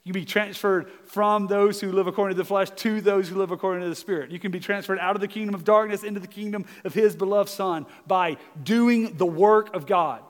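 A high-pitched man with a Southern US accent preaches earnestly to his congregation. His emphatic sermon rings through a church with a long reverb tail, broken now and then by a quick self-mocking aside. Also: fairly even intonation. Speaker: pastor. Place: church sanctuary.

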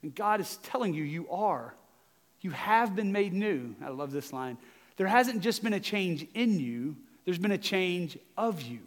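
A man with a Southern US accent preaching a sermon as pastor, earnest and emphatic, with quick self-mocking asides. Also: sits high, expressive. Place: church sanctuary. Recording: long hall reverb.

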